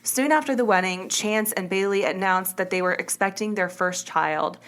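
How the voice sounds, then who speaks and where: A woman's voice: medium pitch, normal speed, fairly bright tone. Chatty woman telling a true crime story. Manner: chatty, self-correcting, uses "like" and "kinda". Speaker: podcast host.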